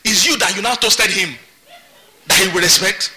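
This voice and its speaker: A man's voice: high voice, moderate pace, sharp tone. A man preaching a sermon as pastor, emphatic and repeating his words. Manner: emphatic, repeats words, laughs between points.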